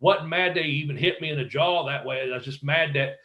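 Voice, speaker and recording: Animated, profane storytelling man. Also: a little high, fairly quick, few pauses, muffled recording. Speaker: guest, former pro wrestler. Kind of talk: casual storytelling interview.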